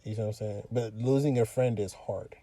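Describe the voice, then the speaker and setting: A man's voice: lowish voice, steady tone, fairly quick, dark tone, dry recording. A young man co-hosting a podcast, talking casually and bluntly from inside a car, repeating his points. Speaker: podcast co-host. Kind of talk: casual chat.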